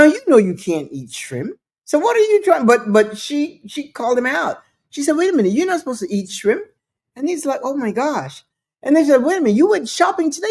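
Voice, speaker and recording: A woman hosting her own show, telling a story in a chatty, skeptical way with frequent restarts and asides. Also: on the high side. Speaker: show host. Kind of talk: casual storytelling monologue.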